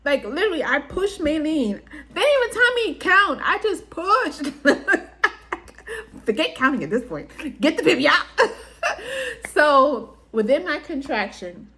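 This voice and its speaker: A woman's voice: sits high, measured pace. A woman vlogger telling a personal story to her viewers in a casual way, laughing often and acting out what people said. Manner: animated, laughing often, acts out quotes.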